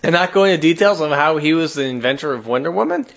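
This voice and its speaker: An American man hosts a podcast in easy banter, teasing his co-hosts and laughing often. His voice is a bit high and swings widely in pitch. The audio is dull and lo-fi. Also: lively intonation, fast, gravelly, a bit bright. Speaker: podcast host. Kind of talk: casual banter.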